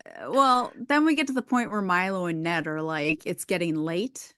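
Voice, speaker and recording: A woman's voice: lowish voice, very animated, normal speed, bright, forceful tone, no echo, clean studio sound. A woman guest on a podcast, casually recapping scenes and quoting characters. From rural area. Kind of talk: casual chat.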